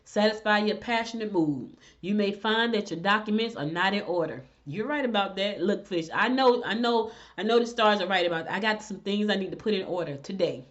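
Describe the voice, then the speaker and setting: A middle-aged woman with a blend of Southern and Northern US accent, hosting and telling stories in casual chat, animated and direct. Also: mid-range voice, a little fast, hardly any pauses. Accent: mix of Southern US and Northern US. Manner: animated storyteller, chatty and direct. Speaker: host. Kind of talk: casual chat and horoscope reading. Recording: dull lo-fi recording.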